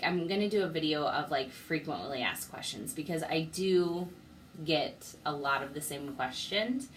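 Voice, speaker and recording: A woman's voice: low voice, fairly bright tone, a little hiss or hum, rough recording. A young woman talking heartfelt and grateful in a personal video diary, close to tears. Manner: heartfelt and grateful, speaks through emotion. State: teary. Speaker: vlogger.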